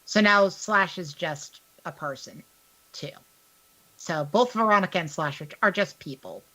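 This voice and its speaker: A woman's voice: fairly low pitch, unhurried, sharp tone. A woman narrating a tabletop role-playing game as game master, in an easygoing, casual way.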